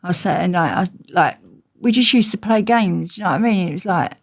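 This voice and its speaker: A woman's voice: lowish voice, a little fast, vocal fry. A woman, a guest telling blunt, slangy stories in an interview. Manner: blunt, slangy, animated storyteller. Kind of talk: storytelling in an interview.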